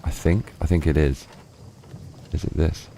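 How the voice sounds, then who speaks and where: A man's voice: a bass voice, fairly even intonation, a little slow, vocal fry, warm tone, slight background noise. A man streaming a video game live, muttering frustrated reactions and chatting with viewers. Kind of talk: live gameplay commentary.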